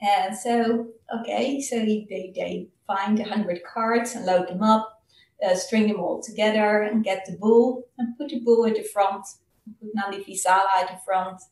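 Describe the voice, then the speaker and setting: A woman casually retelling a Buddhist story during a Dhamma talk, halting and full of fillers. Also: mid-range voice, steady tone, darkish tone. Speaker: Dhamma speaker. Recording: roomy, distant mic.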